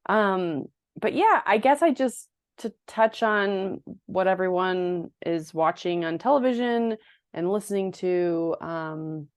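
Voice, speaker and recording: A woman's voice: lowish voice, lively intonation, slow, no room sound, studio quality. A woman co-hosting a podcast over a video call, chatting casually and laughing often. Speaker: podcast co-host. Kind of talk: casual chat.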